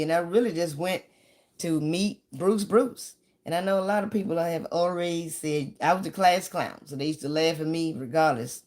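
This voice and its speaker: A woman comedian telling stories in a chatty, rambling way, now and then breaking into sudden shouts and sung bits. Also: sits low. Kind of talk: casual stand-up storytelling.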